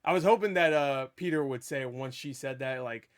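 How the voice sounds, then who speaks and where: A man giving a casual spoiler review of a movie, rambling and excitable, swearing freely and stumbling over restarts. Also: medium pitch, normal speed. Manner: rambling, profane, with stammered restarts; animated and excitable.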